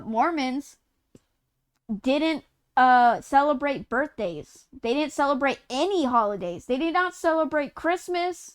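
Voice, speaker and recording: Woman streamer from Utah, high and clear, loose rambling storyteller who swears and laughs through it. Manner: rambling, profane, laughs mid-sentence. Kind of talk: casual live-stream chat while gaming.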